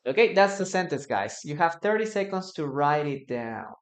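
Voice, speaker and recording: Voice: medium pitch, big pitch swings, normal speed. An English teacher, a native Spanish speaker, giving a live-streamed lesson, repeating example sentences and reading out viewer comments.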